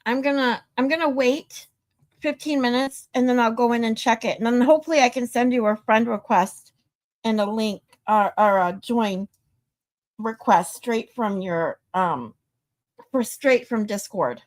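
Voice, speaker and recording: A woman hosting a casual livestream, chatting and swearing freely, her voice getting louder when she is irritated. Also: fairly high pitch, measured pace. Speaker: livestream host.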